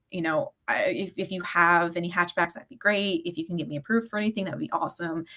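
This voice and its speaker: A woman chatting casually as a guest, telling a personal story and acting out the quotes with growing excitement. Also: fairly low pitch. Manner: animated, acts out quotes with rising excitement.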